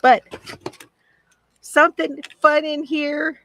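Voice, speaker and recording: A woman's voice: medium pitch, takes it slowly, a bit bright, dry recording. A woman hosting a casual crafting livestream, chatty and gushing as she answers viewer comments from home.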